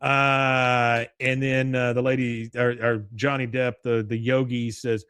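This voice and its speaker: A man's voice: medium pitch, normal speed, few pauses, clear, resonant tone, no room sound. Man, podcast host, casual recap, quotes characters, laughs often, dry recording. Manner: animated retelling, quoting characters with laughs. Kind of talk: casual recap of a cartoon episode.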